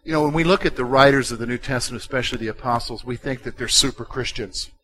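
A pastor preaching a sermon, swinging from quiet, intimate passages to loud, emphatic ones. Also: male voice, medium pitch, poor audio.

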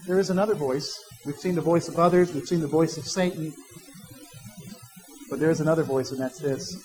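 A man's voice: on the high side, a little fast, darkish tone, poor audio. A man, a pastor, preaching a conversational sermon with personal asides and quoted imagined voices.

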